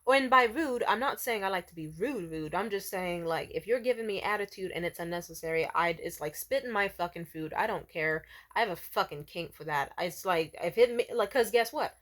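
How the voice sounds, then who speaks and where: A woman's voice: expressive, fairly quick, few pauses, fairly bright tone. Profane, exasperated woman ranting. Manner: profane, exasperated, acts out quotes in high voices. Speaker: storyteller. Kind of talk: casual storytime rant.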